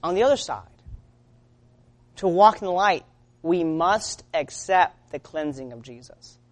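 A woman preaching a sermon in an earnest way. She moves between loud urging and quiet, low-spoken lines. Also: animated, measured pace.

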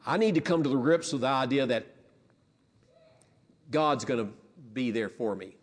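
A man's voice: mid-range voice, expressive, normal speed, slightly rough, big-room sound. A pastor preaching a sermon in a conversational way, often restarting his phrases.

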